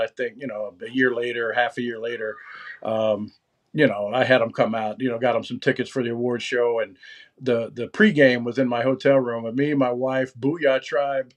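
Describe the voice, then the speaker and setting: A man in his fifties, an interview guest, talking in a loose, rambling way with many restarts. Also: medium pitch. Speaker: interview guest, former magazine writer. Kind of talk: casual interview chat.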